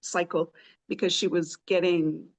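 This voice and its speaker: A woman's voice: fairly low pitch, steady tone, unhurried. A woman hosting a podcast in a conversational interview, asking long, winding questions. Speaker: podcast host.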